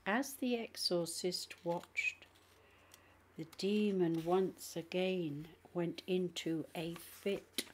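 A woman reading a nonfiction book aloud in a measured, careful way. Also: on the low side, slightly rough. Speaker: audiobook reader. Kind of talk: audiobook narration.

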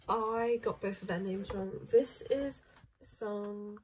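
A young woman hosting her own channel, chatting casually as she unboxes albums, thinking aloud and gasping with excitement over each item. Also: mid-range voice, slow pace, a little hiss or hum. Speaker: channel host.

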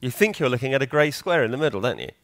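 A man speaking from a conference stage in a loose, chatty way, tossing questions out to the crowd and answering them himself. His voice sits at an everyday middle pitch. The sound is dry and close, with almost no room echo. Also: sing-song, racing, a bit bright. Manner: conversational, quizzes the audience. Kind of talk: conference talk. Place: conference hall.

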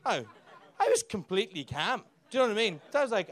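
An Irish man on a comedy club stage, firing off profane stand-up with a raised, high-pitched voice. He talks brashly and teases the audience, close on a handheld mic. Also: very animated, a bit bright. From Ireland. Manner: brash, profane, rapid banter with the crowd.

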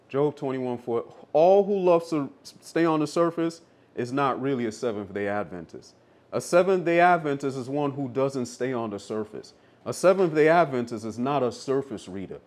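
A man's voice: medium pitch, a little mellow. A man preaching a sermon, insistent and repeating his points for emphasis.

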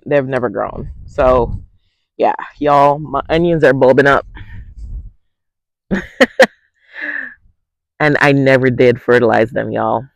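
A talkative, excitable man gives a casual tour of his home garden. He speaks at a middling pitch on a handheld phone outdoors, and the sound is dry, with no room echo. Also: gravelly. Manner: chatty, excitable, often says "y'all". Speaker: garden vlogger. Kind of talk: casual walk-through vlog.

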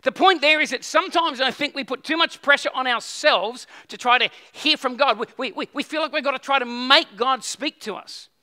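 A male pastor with a very high, strikingly bright and forceful voice delivers a sermon. He talks to the congregation conversationally, stumbling into restarts and tossing them questions. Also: brisk, few pauses.

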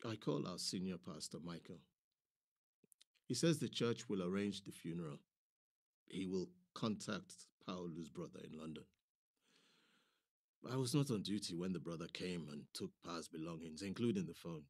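A man's voice: low-pitched, lively intonation, moderate pace, pauses often, a little mellow. A man performing a dramatic monologue as a nurse, telling a story vividly and switching between voices.

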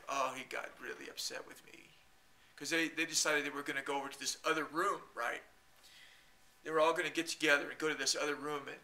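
A man telling a long rambling story to his camera, halting and repeating himself and chuckling often. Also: fairly high pitch, sharp tone. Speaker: video blogger.

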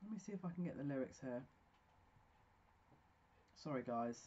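A woman's voice: rumbling low, animated, moderate pace, mellow, breathy edge, highs cut off. A woman giving a pick-a-card tarot reading, effusive and emotional, talking in bursts with restarts.

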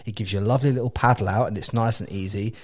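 A man from England with an English accent, hosting a casual chat and telling an animated, laugh-filled story with lots of swearing and restarts. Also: fairly low pitch, rapid-fire. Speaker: podcast host.

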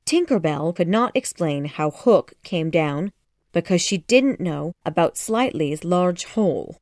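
A woman narrating a children's classic audiobook in a measured, expressive storytelling manner. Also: on the low side, no echo, studio quality.

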